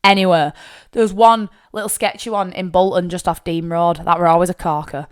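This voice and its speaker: A woman's voice: fairly low pitch, brisk, clear, resonant tone. A young woman with a Lancashire accent, hosting a podcast and telling personal stories in a candid, chatty way with casual swearing. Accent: Northern English, Lancashire. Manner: chatty and candid, swears freely, animated when acting out family. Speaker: podcast host. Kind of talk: personal storytelling monologue.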